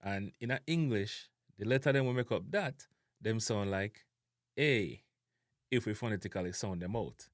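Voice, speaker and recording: A Jamaican man teaching a language lesson, speaking slowly and deliberately, spelling out sounds and repeating example words. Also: lowish voice, no room sound, studio quality. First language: Jamaican Patois.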